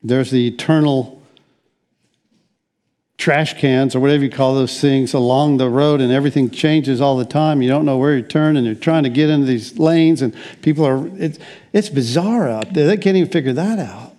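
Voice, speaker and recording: Rambling older male pastor, mellow voice. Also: mid-range voice, moderate pace. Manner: rambling, frequent restarts, wry asides. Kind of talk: conversational sermon.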